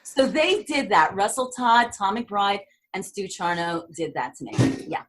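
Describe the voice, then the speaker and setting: Speaking a little slowly at a medium pitch, with background noise behind her, a middle-aged New York woman guests on an interview. The actress spins set stories with animation, performing the voices and letting out screams.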